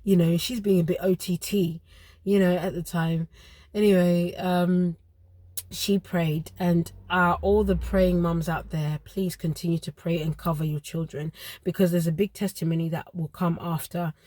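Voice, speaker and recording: A woman, around her thirties, earnestly telling a personal story with emotional pauses. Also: lowish voice, fairly even intonation, mellow, no echo.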